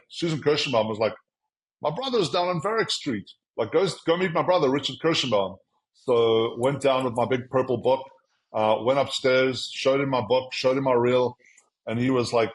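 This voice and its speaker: A man's voice: mid-range voice, low-quality recording. A man, an agency founder, telling his career story in a casual interview, acting out quotes from other people. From South Africa. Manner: animated, quotes himself and others in dialogue.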